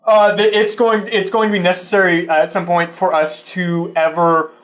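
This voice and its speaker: A man's voice: high-pitched, little pitch movement, moderate pace, a bit bright. A man co-hosting a casual podcast chat, thinking aloud with many fillers and restarts. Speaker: podcast co-host.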